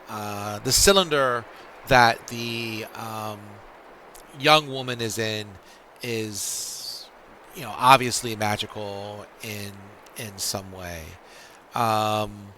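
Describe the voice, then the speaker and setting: A man running a tabletop game as game master, pausing often as he works out rulings for the players. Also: fairly low pitch, sharp tone, a little hiss or hum. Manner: halting, full of fillers and restarts while deciding rulings.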